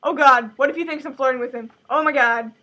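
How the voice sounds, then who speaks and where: Brief: woman playing a flustered young girl scolding herself, high and bright. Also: quick pace. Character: flustered proper teenage girl.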